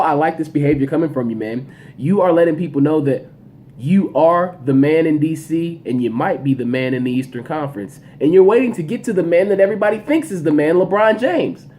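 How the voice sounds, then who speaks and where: A man hosting a sports show, giving animated, opinionated commentary and talking straight to the players. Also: on the high side, a little hiss or hum. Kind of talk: solo sports commentary podcast.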